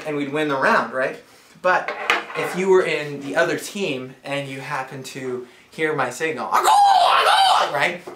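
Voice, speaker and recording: A playful, rambling man walks through the rules of a card game at medium pitch. He is heard in a roomy space with a clear echo and a faint hiss behind him. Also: bright, forceful tone. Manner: rambling, playful, full of fillers. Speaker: game explainer. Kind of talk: casual demonstration.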